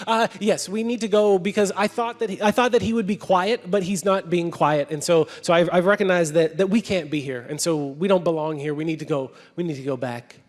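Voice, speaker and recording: A man's voice: sits high, steady tone, fairly quick, few pauses, long reverb tail, close to an everyday voice. A man voicing a stammering, fretful ghost of a man. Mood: anxious. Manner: nervous, stammering, backpedaling.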